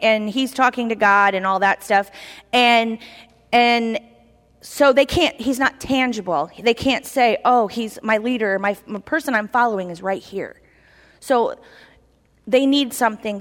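A woman giving an informal sermon in a church, chatty and animated, acting out little voices as she tells the story. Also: fairly high pitch. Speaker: lay preacher. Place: church hall. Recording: reverberant hall.

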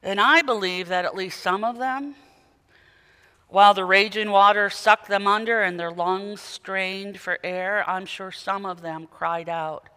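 A man preaching a sermon, dramatic, moving from quiet intensity to loud emphatic peaks. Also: high-pitched, steady tone, measured pace, clear, resonant tone. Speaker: pastor. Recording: long hall reverb.

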